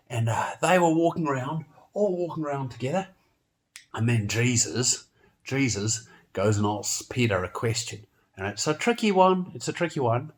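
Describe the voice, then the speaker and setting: A man teaching a children's Bible lesson, telling the story in a playful, animated way and exclaiming often. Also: mid-range voice.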